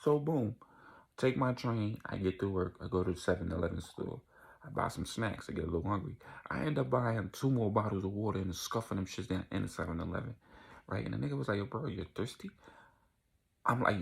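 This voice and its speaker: Gravelly young man telling a wild story. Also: deep voice, moderate pace, pauses often. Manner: animated storytelling, acting out quoted voices. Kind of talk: casual storytime vlog.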